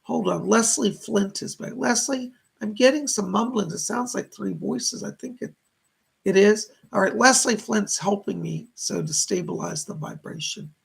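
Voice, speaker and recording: A man's voice: high-pitched, moderate pace, creaky, slightly rough. A man hosting live-streamed psychic readings, relaying messages from spirits and thanking viewers for their donations. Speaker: psychic medium host.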